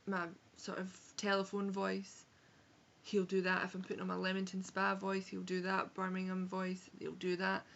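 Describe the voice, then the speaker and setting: A woman's voice: mid-range voice, monotone, normal speed, creaky, fairly bright tone, dull audio, slight background noise. Chatty Edinburgh-accented woman vlogger. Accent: Scottish, Edinburgh. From Scotland. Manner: chatty, frank, sprinkled with swearing and self-corrections. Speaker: book vlogger. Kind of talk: casual book review vlog. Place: home room on a rainy day.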